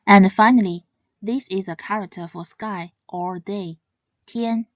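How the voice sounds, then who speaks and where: Lady reading a pronunciation lesson, slow careful delivery, stresses each sound. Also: mid-range voice, fairly even intonation, no echo, lo-fi sound. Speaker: language teacher.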